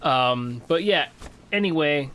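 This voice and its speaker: A man's voice: fairly high pitch, expressive, slow pace, fairly bright tone, clean tone. A man co-hosting a gaming podcast, chatting loosely with lots of fillers and restarts. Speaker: podcast co-host. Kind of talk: casual chat.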